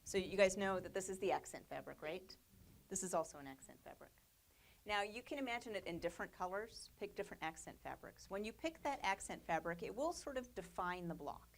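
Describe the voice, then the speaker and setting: A woman's voice: mid-range voice, expressive, fairly quick, few pauses. Chatty woman teaching a quilting demo. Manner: chatty, upbeat, with fillers and little laughs. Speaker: quilting instructor. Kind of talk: casual demonstration lesson. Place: studio.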